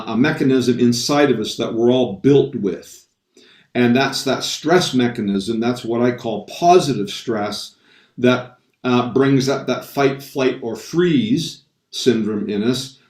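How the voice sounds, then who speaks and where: A man's voice: mid-range voice, darkish tone. A man speaking as a stress coach to an online roundtable, stressing key points and repeating them. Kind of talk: talk to an online roundtable audience. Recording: roomy sound from a distant mic.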